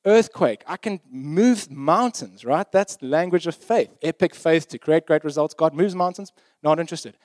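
A male preacher delivering a sermon in a relaxed, emphatic, conversational way, stopping often to check in with the listeners. His voice sits fairly high for a man. It is recorded dry and close, with no echo. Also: moderate pace, hardly any pauses.

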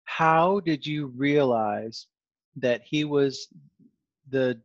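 A man's voice: mid-range voice, very slow, no echo, dull audio. Rambling, wry male podcast host. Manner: rambling, self-aware, sarcastic asides. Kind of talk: conversational interview.

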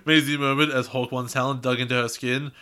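A man's voice: medium pitch, level tone, brisk, sharp tone, clear, resonant tone. A man co-hosting a podcast, reading a story aloud and breaking off to tease his co-host, laughing mid-sentence.

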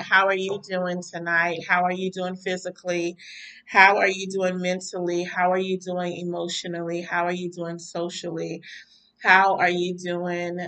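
A woman's voice: lowish voice, bright, forceful tone, far from the mic, low-quality recording. A woman minister giving a fervent devotional talk full of repeated praise phrases, her voice sounding tired and mentally weary. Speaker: minister and podcast host. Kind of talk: devotional talk to a live audience.

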